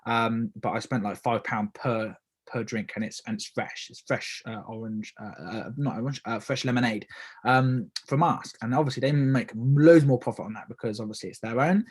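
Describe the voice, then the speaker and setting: A man's voice: medium pitch, normal speed, slightly rough. A young man from the UK hosting a podcast, talking casually in a rambling way, with many fillers and self-corrections. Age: young adult. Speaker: podcast host. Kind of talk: casual solo podcast talk.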